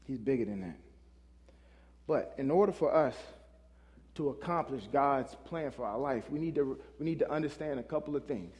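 A man's voice: mid-range voice, moderate pace, a little mellow. A male pastor preaching a sermon in a loose, conversational way, often calling out questions to the congregation. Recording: long hall reverb.

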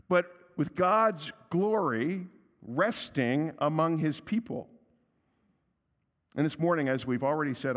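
Man preaching in a reverberant church. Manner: conversational, emphatic, with a humorous aside; softer and lower for prayer. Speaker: pastor. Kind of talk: sermon. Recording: long reverb of a church hall.

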